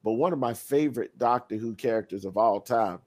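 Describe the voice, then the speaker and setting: A man's voice: mid-range voice, brisk, a little mellow. A man co-hosting a podcast, rambling enthusiastically in casual chat. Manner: enthusiastic, rambling with many fillers. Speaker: podcast co-host.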